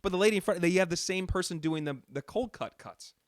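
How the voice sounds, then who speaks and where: A fast-talking man co-hosting a podcast, exasperated and joking. His voice sits a bit high. The recording is dry and close. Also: dry recording. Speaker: podcast co-host. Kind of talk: casual chat.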